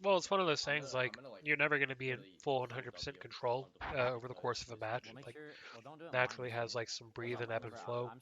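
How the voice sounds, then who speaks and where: A man's voice: mid-range voice, fairly even intonation, highs cut off, crowd noise. A man co-hosting a stream that reviews a match, chatting casually and loosely as he breaks down the play. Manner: quick, loose analysis with profanity. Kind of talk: casual chat.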